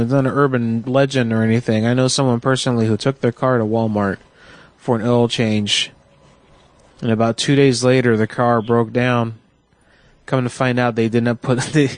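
A man's voice: mid-range voice, background noise. A man hosting a casual talk radio show, sick and rambling through profane stories. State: sick, congested.

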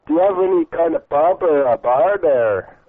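A man's voice: on the high side, expressive, normal speed, no room sound. A man with a slightly raised voice rambles through a prank call, crude and mock-polite, stalling with fillers. His voice comes through a thin, phone-like channel. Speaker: prank caller. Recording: tinny phone-like line.

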